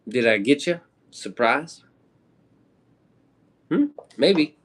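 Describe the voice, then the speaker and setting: A man from the Midwest chatting away on a casual live stream. He rambles from one thing to the next, dropping slang and swear words as he goes. His voice sits at an everyday middle pitch. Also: very animated, extremely slow, fairly bright tone, slightly rough. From American Midwest.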